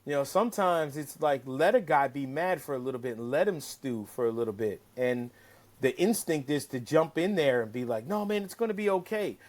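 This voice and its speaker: A man telling a casual, animated story as a guest, cursing freely and acting out what people said. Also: mid-range voice, moderate pace. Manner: animated, profane, acts out quotes. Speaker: caddie-turned-broadcaster guest.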